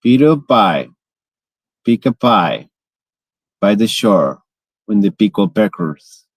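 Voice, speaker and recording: This male vlogger from Spain speaks Spanish natively and has the accent to match, stumbling playfully through tongue twisters during a relaxed live-stream chat. His voice sits lowish and swings widely in pitch at a slow pace. The audio is dry and rough.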